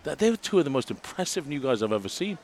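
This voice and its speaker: A man co-hosting a podcast, playful and full of quick jokes. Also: medium pitch, very animated, darkish tone, slight background noise. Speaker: podcast co-host, TV commentator. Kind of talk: casual podcast chat.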